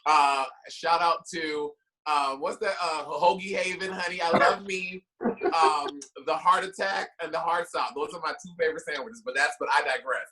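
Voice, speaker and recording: Drag performer (man), effusive and talkative panelist, slightly high pitch. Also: moderate pace, bright, forceful tone, rough recording. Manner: effusive and chatty, gushing with feeling. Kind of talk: emotional panel storytelling.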